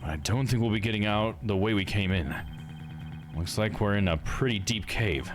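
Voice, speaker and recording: A man's voice: on the low side, moderate pace, pitched below the performer's own voice, close to an everyday voice. A man voicing a bold, cheerful older male adventurer who calls his companion son, read live over game music. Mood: teasing. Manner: boisterous, calls everyone son. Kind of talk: live reading of game dialogue.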